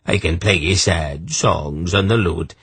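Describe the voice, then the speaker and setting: A man's voice: low-pitched, a little slow, a bit bright, slightly rough, dry recording, full character voice. Man putting on a lilting brogue juggler. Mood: ingratiating. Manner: flowery, theatrical boasting. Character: short gaudy male juggler, ingratiating, boastful.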